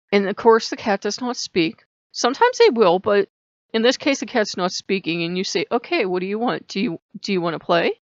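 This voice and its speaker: A woman's voice: medium pitch, no echo. Chatty woman, dull dry recording. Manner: chatty, laughs often, acts out little dialogues. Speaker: channel host. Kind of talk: casual spiritual talk to camera. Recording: dull lo-fi sound in a dry room.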